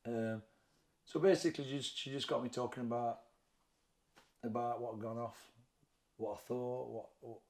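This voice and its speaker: A middle-aged man with a broad Sheffield accent speaks in a gravelly, mid-pitched voice. He talks plainly and haltingly, doubling back and repeating words as he recounts his story in an interview. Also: steady tone, darkish tone. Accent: Sheffield, Yorkshire. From England. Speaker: boxing trainer, interview guest. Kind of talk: candid personal interview.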